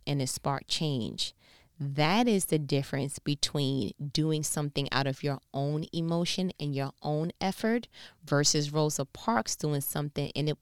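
A woman with a New York accent talks through a Bible passage in a relaxed, slangy way, tossing in playful asides. Her voice sits low and sounds smooth. The sound is dry and close. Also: no room sound. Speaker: Bible teacher. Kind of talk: casual devotional teaching.

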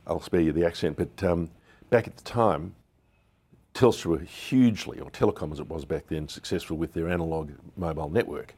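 A man's voice: sits low, a little fast, dark tone. An Australian businessman in his sixties telling candid stories in an interview and acting out what people said. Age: 60s. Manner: anecdotal, candid, acts out quotes. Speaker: business founder guest. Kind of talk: storytelling interview.

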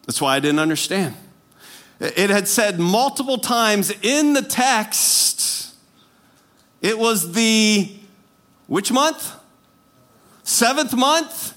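A man preaching a sermon with animated, self-mocking asides that sink into quiet, intense passages. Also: very high-pitched, extremely slow, long pauses. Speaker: pastor.

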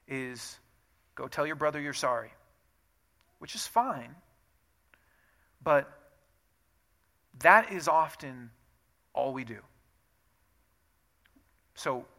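Bright-voiced man preaching a lively sermon. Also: medium pitch, takes it slowly, creaky, long pauses. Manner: animated, acts out quoted excuses in shifting tones. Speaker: pastor.

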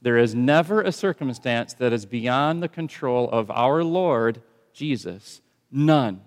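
A man preaching a sermon as pastor, swinging from hushed, slow lines to loud, emphatic ones. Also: medium pitch, lively intonation, big-room sound.

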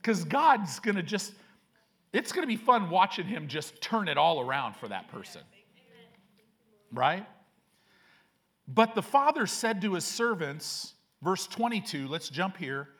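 A man preaching a sermon as pastor, reading scripture aloud with slow, emphatic phrasing. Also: high-pitched, very animated, a bit bright.

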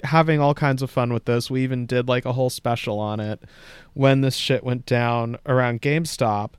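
Smooth-voiced sardonic male podcast host. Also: mid-range voice, fairly even intonation, moderate pace, no room sound. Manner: casual, swears freely, sardonic. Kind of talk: casual news commentary chat.

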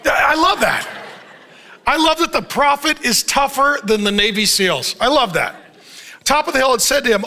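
A man's voice: very high-pitched, animated, moderate pace, bright, forceful tone. A male pastor preaching a sermon, telling the story with jokes and frequent laughter.

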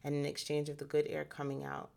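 Calm gravelly woman guiding meditation. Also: low voice. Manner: slow, calm, soothing instruction. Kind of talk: guided breathing meditation.

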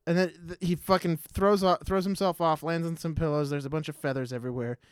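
A man's voice: a little high, steady tone, quick pace, clear, resonant tone, no echo, clean studio sound. A man co-hosting a podcast, rambling through a movie plot with lots of swearing. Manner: rambling, profane, recaps the plot. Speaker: podcast co-host. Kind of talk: casual movie-riffing chat.

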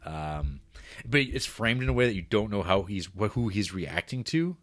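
A man's voice: fairly low pitch, sing-song, moderate pace, no echo. A man co-hosting a casual film podcast, talking loosely with lots of fillers and swearing. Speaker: podcast co-host.

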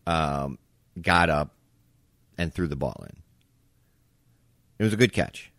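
A man co-hosting a casual podcast, telling an animated story and acting out both sides of an argument. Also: rumbling low, slow, no echo, studio quality. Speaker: podcast co-host.

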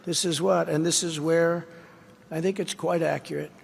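A man delivers a campaign speech in emphatic, boastful rally oratory, circling back on his own phrases. His voice sits fairly high for a man. A long reverb trails each line through a large hall. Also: fairly even intonation, normal speed, vocal fry, breathy edge. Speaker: political candidate.

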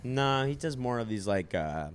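A young man hosting a casual chat, telling stories in an animated, profane way and acting out quotes. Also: medium pitch, moderate pace, clean tone.

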